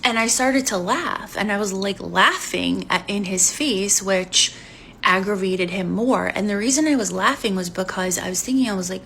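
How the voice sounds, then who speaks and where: A woman's voice: medium pitch, moderate pace, gravelly, bright, forceful tone, slight background noise. A woman in her forties speaking frankly in a candid vlog monologue, telling a personal story in a blunt, unfiltered way. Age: 40s.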